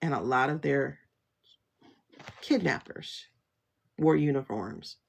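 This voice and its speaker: This tarot reader, hosting her stream from a phone, delivers a blunt, sassy rant punctuated by frequent laughter. She speaks slowly in a bass voice that is creaky with a breathy edge.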